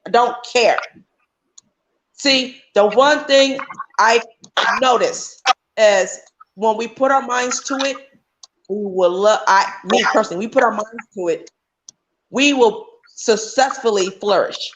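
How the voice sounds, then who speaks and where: A woman's voice: a little high, slow pace, pauses often, background noise. A woman talking on a livestream call as a guest, emphatic and often restarting her sentences. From United States. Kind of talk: casual chat.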